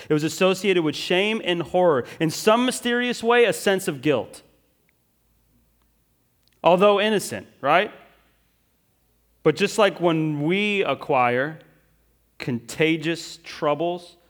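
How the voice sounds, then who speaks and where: A male pastor preaching a sermon, moving between urgent emphasis and quiet, drawn-out phrases, often checking in with listeners. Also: a little high. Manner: swings from loud and urgent to hushed and slow, with frequent "right?" asides.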